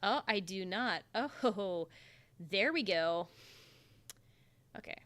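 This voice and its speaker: A woman's voice: mid-range voice, animated, very slow, a bit bright. Chatty young woman live-streaming. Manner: rambling, talks to herself while working, answers chat. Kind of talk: casual live-stream chat. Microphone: desktop microphone.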